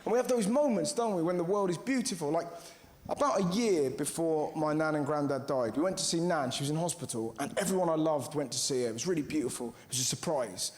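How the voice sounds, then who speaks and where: A male stand-up comedian telling stories in an animated way, acting out the people in them. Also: on the high side. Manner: animated storytelling, acting out characters in quick voices. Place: large theatre on stage. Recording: echoey theatre, loud crowd laughter. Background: audience laughing.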